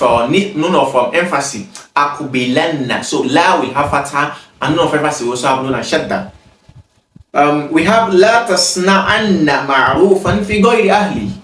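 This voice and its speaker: A man's voice: fairly high pitch, fairly bright tone, distant mic. Man teaching in an echoey room. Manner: reads Arabic sentences then translates and explains, with frequent "um" pauses. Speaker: Arabic grammar teacher. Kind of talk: explaining exercises in a grammar lesson. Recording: echoey room, mic set back.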